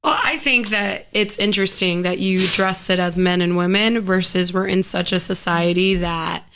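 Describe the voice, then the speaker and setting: A woman guesting on a casual podcast chat, expressive and dramatic, quick to exclaim. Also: fairly low pitch.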